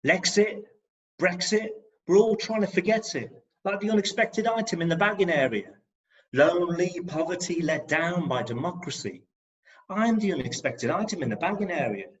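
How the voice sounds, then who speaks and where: At home on an online video call, a performance poet from England with a Midlands accent reads his spoken-word poetry at normal speed through a video call mic that makes the audio dull and lo-fi. His voice is a little higher than most men's, his rhymes fall on a steady, rhythmic beat, and between poems he chats with dry, self-mocking humour.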